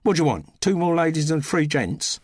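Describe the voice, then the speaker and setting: Cheeky young Cockney maid, chatty and quick with a lively, raised voice, done by a male narrator. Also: fairly high pitch, breathy edge, no echo, clean studio sound, pitched above the performer's own voice. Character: cheeky young cockney housemaid, former music-hall player.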